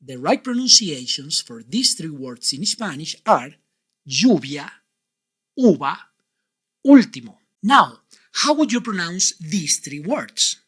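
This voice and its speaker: A man leads a Spanish pronunciation lesson with an animated voice that rises and falls freely. His tone is a little husky. He speaks slowly and deliberately, pausing to quiz the viewer. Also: on the high side. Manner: clear, deliberate teacher's delivery with quiz questions. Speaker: Spanish teacher.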